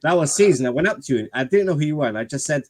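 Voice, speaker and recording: A man's voice: a little high, expressive, racing. Man telling anecdotes, laughing often. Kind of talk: casual live-stream chat.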